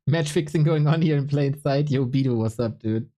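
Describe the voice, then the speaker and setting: A man's voice: mid-range voice, normal speed. A male esports caster talks through a live stream in a loose, conversational way, bantering with chat. He sounds worn out and slightly under the weather, with a voice sitting in an ordinary middle register. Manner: relaxed, chatty, joking with chat. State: tired and a bit unwell. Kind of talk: casual live-stream commentary, chatting with viewers.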